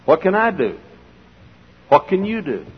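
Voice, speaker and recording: A man preaching a sermon in a folksy style, full of rhetorical questions, swinging between loud and hushed. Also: sits high, big pitch swings, unhurried, husky. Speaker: pastor. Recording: dull old sermon recording in a large hall.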